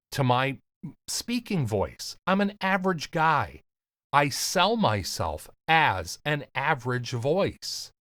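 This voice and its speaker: A man with a slight lisp, coaching on voiceover in an earnest, emphatic talk to camera with deliberate pauses. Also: medium pitch, a bit bright, no room sound, clean studio sound. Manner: casual, swears lightly. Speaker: voiceover coach and podcast host.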